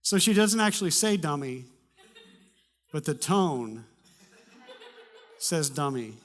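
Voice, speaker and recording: A man's voice: on the high side, very animated, slow pace, pauses often. Humorous man preaching a sermon. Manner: conversational storytelling with humor. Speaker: pastor. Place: church.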